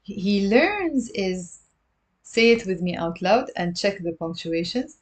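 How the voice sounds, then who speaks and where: Woman, live-streamed lesson, patient teacher, slow repetition, mid pitch. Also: expressive. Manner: patient, repeats words slowly for learners. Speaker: Lebanese Arabic teacher. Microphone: livestream camera mic.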